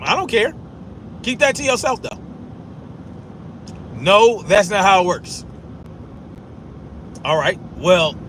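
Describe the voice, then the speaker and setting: A man's voice: sits high, fairly bright tone, slight background noise. A man arguing back at chat comments during a casual live stream, profane and repeating himself for emphasis.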